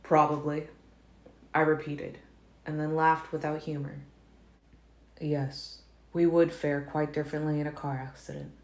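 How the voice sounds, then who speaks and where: A woman narrating a fan-made audiobook in a calm, measured first-person reading. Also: sits low. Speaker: audiobook reader. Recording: roomy echo, faint noise.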